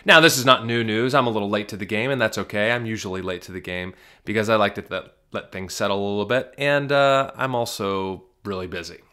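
A man who pastors a small church, talking through a casual solo podcast in a chatty, joking way, swinging from loud emphatic bursts to quiet asides. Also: lowish voice, smooth. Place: small-town Kentucky.

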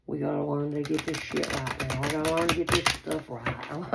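A woman's voice: low-pitched, steady tone, a little fast, creaky. A woman doing a casual tarot reading for her viewers, chatty and reassuring, repeating herself often. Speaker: tarot reader. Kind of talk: casual spiritual card reading to camera. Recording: noisy home recording.

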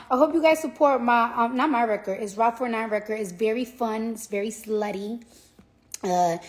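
Tired, profane woman on a live stream. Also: on the high side. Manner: profane, rambling, repeats herself. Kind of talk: casual rambling live stream.

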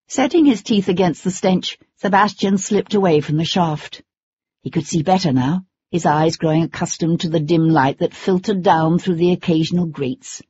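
An audiobook narrator reading a tense chase scene in steady, measured storytelling. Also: medium pitch, slightly rough. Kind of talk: scripted narration. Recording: dull lo-fi recording.

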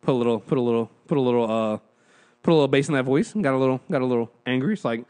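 A man co-hosting a casual review podcast, slangy and animated, laughing often. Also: medium pitch, very fast, clean tone. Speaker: podcast co-host.

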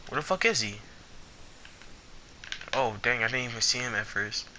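A young man giving casual gameplay commentary, excitable and foul-mouthed, trash-talking the players he fights. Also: medium pitch, moderate pace, noisy background. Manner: excitable, swears a lot, trash-talks opponents.

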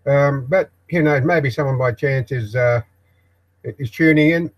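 An older man with an Australian accent talks off the cuff on his own live broadcast, recorded in a backyard shed office. His voice sits at an ordinary middle pitch. He speaks in a halting, meandering way, full of ums, pauses and false starts. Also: rough recording. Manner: hesitant, halting, many ums and restarts. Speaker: live stream host. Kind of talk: rambling live broadcast monologue.

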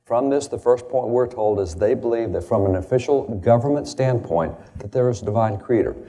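A man's voice: medium pitch, brisk, mellow. A man from the United States giving a lecture-style talk on the founders, emphatic and quoting old documents with stress on key words. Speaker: speaker on founding history.

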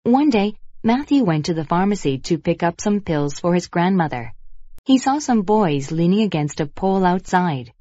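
A woman reading example sentences and a short story for a vocabulary lesson in clear, measured narration. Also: on the low side, very animated, mellow, dry recording, highs cut off.

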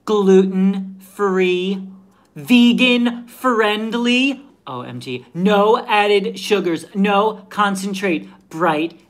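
A man voicing a breathless young Valley Girl woman, gushing with a drawn-out delivery. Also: sits high, completely flat delivery, bright, forceful tone, voice pushed up, full character voice.

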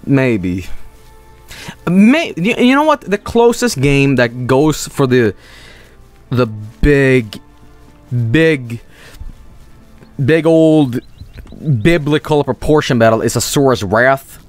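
A man streaming a video game, rambling and swearing in casual commentary with sudden high-pitched outbursts. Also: expressive, takes it slowly, pauses often, dry recording, soft background music.

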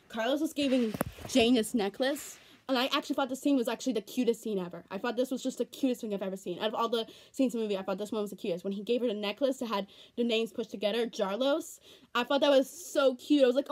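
In a slightly high, somewhat mellow voice, a teen girl vlogger chats casually from home. She's earnest, wandering off topic and repeating herself, and seems close to breaking into tears.

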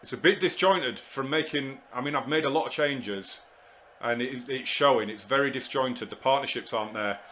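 Gamer guy narrating his football manager match, fed up and chatty, yells at big moments, bit of faint hiss behind him. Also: mid-range voice, moderate pace. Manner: exasperated, talks to himself, bursts into shouts at goals. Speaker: gaming YouTuber. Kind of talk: live commentary on a football management game.

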